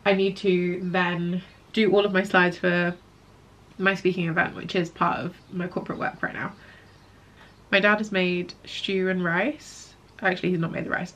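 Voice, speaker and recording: A woman's voice: fairly low pitch, flat delivery, normal speed, a bit bright. Chatty young woman vlogging from home. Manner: chatty, rambling, self-deprecating asides. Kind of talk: casual daily vlog chat.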